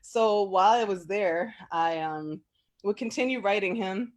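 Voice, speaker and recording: A woman with a medium-pitched voice reminisces casually as an interview guest, speaking at a measured pace. She's chatty, leans on lots of fillers, laughs often, and grows animated whenever she quotes someone.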